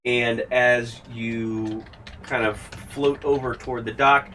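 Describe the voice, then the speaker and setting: A man narrating a tabletop game as game master, describing scenes at length and pausing with fillers. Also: medium pitch, steady tone, a bit bright. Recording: distant mic, faint background hiss.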